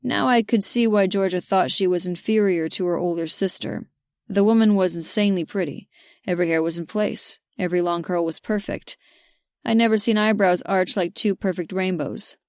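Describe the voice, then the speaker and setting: A woman's voice: on the low side, moderate pace, dry recording. Woman narrating a romance audiobook, dry. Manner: lively, gives characters their own voices.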